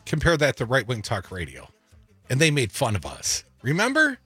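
A man co-hosts a talk radio show with sarcasm and rambling emphasis. His voice is bright and husky and swings up and down in pitch. It sits close and dry on a studio mic with faint music underneath. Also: wildly swooping pitch, normal speed, dry recording. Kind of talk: opinionated talk radio banter. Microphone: studio microphone.

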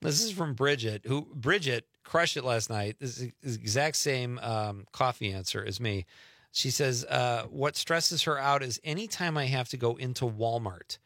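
Host: middle-aged guy, rambling banter, bright forceful voice, dry studio sound. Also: medium pitch, no echo. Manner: chatty, rambling, quick laughs. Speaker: radio show host. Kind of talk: casual radio banter. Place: radio studio.

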